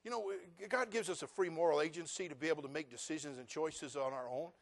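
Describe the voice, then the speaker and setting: Higher-voiced preaching man. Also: quick pace. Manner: sarcastic, asks the congregation direct questions; swings from quiet asides to loud, rising preaching. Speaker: pastor. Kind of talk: sermon.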